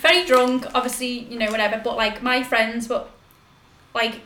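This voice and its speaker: High-voiced young woman, animated storyteller who laughs through her anecdotes; echoey room, noisy background. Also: moderate pace. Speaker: podcast guest. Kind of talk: casual chat.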